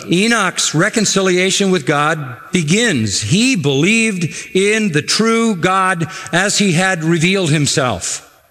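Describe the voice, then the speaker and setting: A man preaching a sermon, emphatic, repeating key phrases with slow, deliberate stress. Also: fairly high pitch, fairly bright tone. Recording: long hall reverb.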